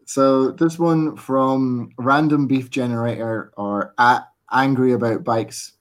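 A man hosting a casual podcast, briskly moving the show along. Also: mid-range voice, steady tone. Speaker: podcast host.

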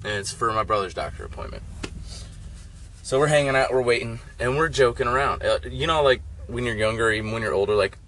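A man's voice: medium pitch, lively intonation, fairly quick, fairly bright tone. A young man telling stories in a casual, profane, rambling way, full of "like". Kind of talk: casual storytelling chat. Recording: faint background noise.

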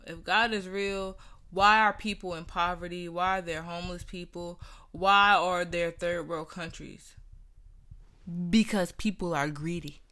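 A young woman with a bright, forceful voice tells a personal story in a candid, conversational way. She talks with earnest conviction and acts out the voices of people she quotes. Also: on the low side.

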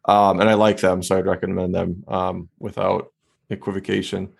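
A man co-hosting a local podcast, chatting casually and telling animated stories, voicing his dogs in high squeaky tones. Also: normal speed, vocal fry. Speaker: podcast co-host. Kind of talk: casual chat.

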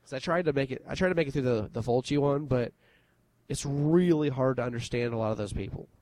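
A man's voice: medium pitch, fast talker, no room sound. Guy cohost, easygoing, cracks jokes, regular middle voice. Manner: relaxed, joking, chuckles between lines. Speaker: podcast co-host. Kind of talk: casual chat.

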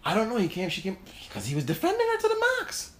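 A man telling a heated personal story in casual chat, animated, laughing and swearing as he goes. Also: high voice, fast talker. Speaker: host.

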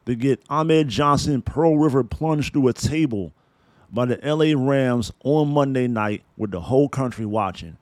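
A man's voice: mid-range voice, darkish tone, dry recording. A man hosting a sports podcast, delivering a blunt, profane, fired-up rant about his team. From San Francisco Bay Area.

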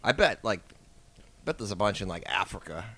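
A man's voice: on the low side, sing-song, a little fast, sharp tone, slightly rough. Rambling, intoxicated young man. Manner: rambling, giggling, hesitant. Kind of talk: casual chat.

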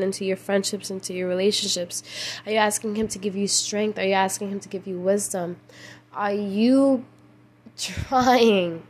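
A woman's voice: mid-range voice, slight background noise. Tired young woman rambling about faith. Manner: rambling, emotional, slangy, restarts often. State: tired, late at night. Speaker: podcast host. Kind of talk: casual faith podcast monologue.

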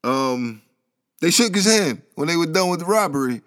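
A man's voice: fairly high pitch, expressive, normal speed, fairly bright tone. A man telling a news story as casual, rambling commentary, full of slang, asides and chuckles. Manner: slangy, rambling, laughs at his own asides. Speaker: commentary vlogger.

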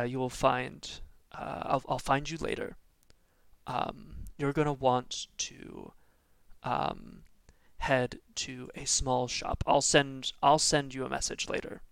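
Hushed, jittery male informant, halting delivery, gravelly edge, a man doing the voice. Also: mid-range voice, little pitch movement, dry recording. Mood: hushed urgent. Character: secretive, jittery male contact handing off a book.

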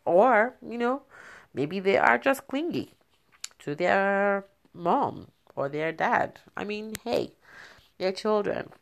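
A woman's voice: mid-range voice, expressive, slow pace, creaky. A young woman from Nigeria, a mother, chatting casually to her viewers, laughing often and using many fillers. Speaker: vlogger. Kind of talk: casual talk to camera.

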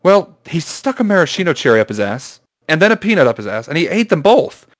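A man's voice: a little high, very animated, quick pace, no echo, studio quality, voice pushed up. A man voicing a gossiping bartender in a joke, telling it in an incredulous, raised voice. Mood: scandalized.

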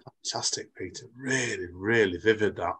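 A man's voice: lowish voice, normal speed, pushed and bright, slight background noise. A male podcast host chatting casually, eager and effusive, tripping over his words. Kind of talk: casual interview chat.

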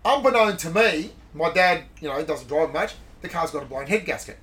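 A man's voice: on the high side, expressive, normal speed, fairly bright tone. A man co-hosting a podcast outdoors, complaining emphatically and swearing in casual chat. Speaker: podcast co-host. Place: outdoors by a marina.

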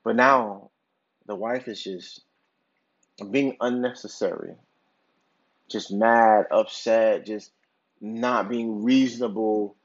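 Husky man rambling on a podcast. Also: fairly low pitch, takes it slowly, long pauses. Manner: rambling, filler-heavy storytelling with many "like"s and restarts. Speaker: podcast host. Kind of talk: casual podcast monologue. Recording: dull lo-fi recording.

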